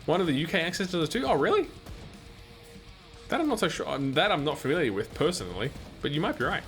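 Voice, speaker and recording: A man's voice: fairly high pitch, big pitch swings, quick pace, faint music behind. An Australian man hosting a live gaming stream, chatting casually and answering viewers' comments between moments of play. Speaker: livestream host.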